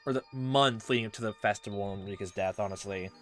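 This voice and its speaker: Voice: deep voice, quick pace, a bit bright, faint music behind. A let's play host giving casual game commentary, rambling, full of fillers and trailing asides.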